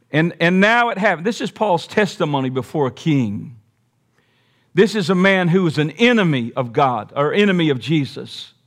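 High-voiced emphatic man preaching. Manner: emphatic, folksy, with joking asides. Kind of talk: sermon.

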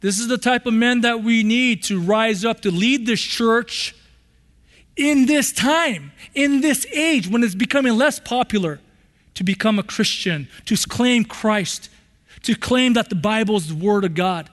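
Impassioned high-voiced preacher man. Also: unhurried, fairly bright tone. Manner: impassioned, repeats phrases. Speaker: pastor. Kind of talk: sermon. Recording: long hall reverb.

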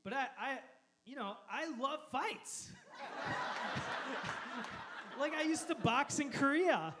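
A man in his thirties, a pastor preaching a sermon, telling a story with animated energy and frequent laughter. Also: very high voice, takes it slowly, very noisy. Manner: animated storyteller, laughs often, shouts quoted lines.

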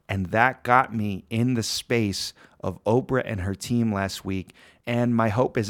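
A man hosting a reflective solo podcast, talking earnestly and repeating phrases for emphasis. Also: fairly low pitch. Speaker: podcast host.

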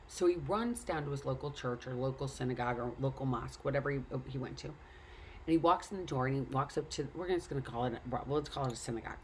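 A woman's voice: a bass voice, fast talker, slight background noise. A woman telling a story and earnestly urging the listener to take care of themselves. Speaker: speaker. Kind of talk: casual motivational talk.

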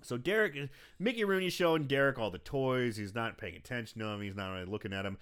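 A man's voice: medium pitch, quick pace, smooth. A man co-hosting a casual podcast, recapping a film with lots of swearing and acted-out lines. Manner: animated, swears often, acts out quoted lines in bursts. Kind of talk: casual chat.

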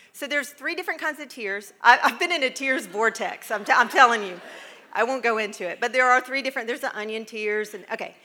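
A woman's voice: fairly high pitch, bright, forceful tone. A middle-aged American woman giving a chatty, humorous talk to a live audience, rambling through asides with frequent laughs. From United States. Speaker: speaker addressing a live audience.

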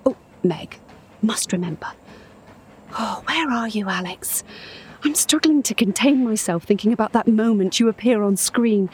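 Brief: actress as a middle-aged woman, lonely and obsessive, breathy and hushed, intimate radio-play monologue. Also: mid-range voice, natural voice. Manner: hushed, dreamy, intimate, drifting into whispers. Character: lonely obsessive woman fixated on a stranger online. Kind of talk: audio drama monologue.

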